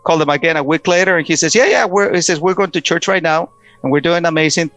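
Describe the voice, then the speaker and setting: A man telling his own story in a halting, conversational way, acting out what others said. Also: on the high side, fairly even intonation, a bit bright, faint music behind. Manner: halting, restarts, acts out quoted voices. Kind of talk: personal testimony, casual storytelling.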